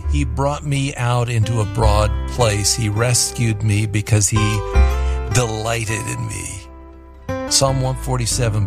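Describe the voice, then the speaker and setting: Male host doing a devotional bit, thoughtful, music playing underneath. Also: mid-range voice. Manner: reflective, preacherly, quotes scripture. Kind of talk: devotional talk.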